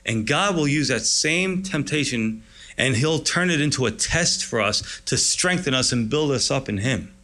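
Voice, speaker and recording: Bright-voiced enthusiastic male preacher. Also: medium pitch, lively intonation, moderate pace. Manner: enthusiastic, conversational, storytelling. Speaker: pastor. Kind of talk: sermon.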